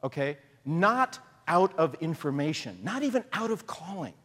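A man preaching a sermon in a conversational, animated way, often acting out short voices as he tells a story. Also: on the high side, normal speed, in a large hall. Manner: conversational, animated, acts out voices of God and Jesus.

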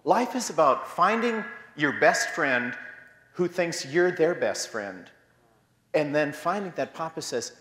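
A man's voice: fairly high pitch, lively intonation, a little slow, a bit bright. A man telling a rambling, self-mocking story as a sermon, acting out the quotes in his story. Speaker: preacher. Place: church hall with audience. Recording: long hall reverb.

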